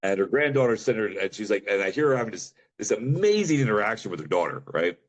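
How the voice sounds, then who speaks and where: Fast-talking deep-voiced middle-aged man. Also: sing-song. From Pennsylvania. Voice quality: deep voice often remarked on. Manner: rambling, fast, says bro and dude. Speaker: podcast guest. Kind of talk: casual storytelling.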